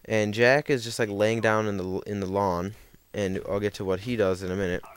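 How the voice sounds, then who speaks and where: A man's voice: on the low side, steady tone, brisk. A young man telling a rambling story over gameplay, full of fillers and self-corrections. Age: young adult. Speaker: gaming commentator.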